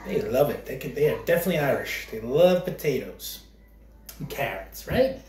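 A man's voice: mid-range voice, big pitch swings, brisk. A man talking to his twin babies while he feeds them, switching between casual remarks and playful sing-song baby talk. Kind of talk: casual home vlog narration. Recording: echoey room with clear crowd chatter.

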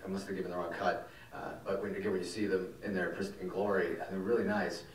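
A man, a film director telling stories at a festival Q&A, animated and rambling and swearing casually. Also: sits low, fast, slight background noise. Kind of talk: festival Q&A storytelling. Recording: echoey hall, mic from far off.

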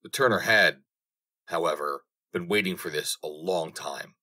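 A man narrating a fairy tale audiobook with measured storytelling. His voice sits very low in pitch. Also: bright, forceful tone.

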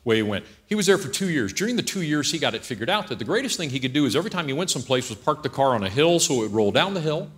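A man's voice: on the high side, rapid-fire, hardly any pauses. A male pastor preaching a humorous sermon at a church service, acting out scenes and joking as he goes. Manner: animated storyteller who acts out scenes and jokes.

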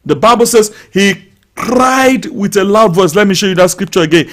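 A man preaching a sermon in a high-pitched voice for his build. He reads scripture calmly, then turns fervent, crying out, declaring and praying loudly over the people listening. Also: moderate pace. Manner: fervent preaching, rising to loud shouts; speaks in tongues and prays aloud over listeners. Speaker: pastor. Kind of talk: live-streamed sermon.

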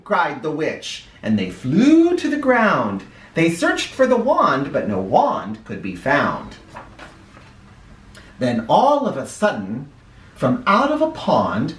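A man reading a children's picture book aloud in a playful, animated way. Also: on the high side. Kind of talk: read-aloud storytelling for kids. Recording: echoey room, mic at a distance.

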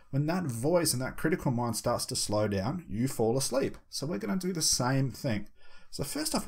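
A man teaching voice techniques for hypnosis, moving between his normal talking voice and a slow, measured delivery with deliberate pauses. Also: mid-range voice, slightly rough. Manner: shifts into slow, measured pauses when demonstrating. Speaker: hypnosis instructor. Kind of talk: instructional talk.

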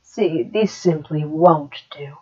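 A woman voicing a gloating male dream demon who has taken over a boy, mocking and slow with cruel laughs, on a dull lo-fi recording. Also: mid-range voice, animated.

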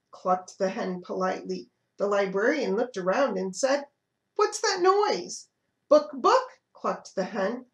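A woman librarian reading picture books aloud to toddlers, in an expressive, animated storytelling manner. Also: medium pitch. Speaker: children's librarian.

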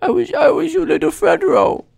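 A woman voicing a whiny, guilt-tripping baby boy in high whimpering, pleading sobs while streaming a game. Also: wildly swooping pitch, normal speed, creaky, darkish tone, dry recording, exaggerated voice.

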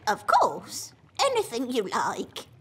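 A woman voicing a touchy, proud old retired witch in a cartoon, polite but quick to take offence. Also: on the high side, wildly swooping pitch, fairly bright tone, husky, exaggerated voice. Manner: polite then indignant, warning tone. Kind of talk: cartoon voice acting.

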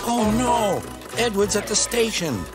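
A man voicing a dashing, eager male bus in a children's storybook, sounding excitable. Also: mid-range voice, moderate pace, loud music behind the voice, lightly acted. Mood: excited.

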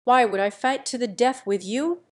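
A woman reading the part of a brash, easygoing young male martial hero who talks in a calm, lecturing, self-assured way. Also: a little high, moderate pace, voice pushed up, lightly acted.

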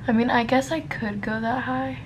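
A woman's voice: a little high, fairly even intonation, normal speed, a little hiss or hum. A young woman talking her way through a makeup tutorial in a casual, self-deprecating and flustered way, muttering to herself. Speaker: beauty vlogger.

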